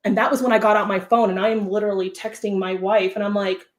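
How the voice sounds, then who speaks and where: A woman's voice: mid-range voice, brisk. A woman from Southern California, a livestream guest telling a story and acting out the voices of the people in it. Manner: animated, acts out quoted voices.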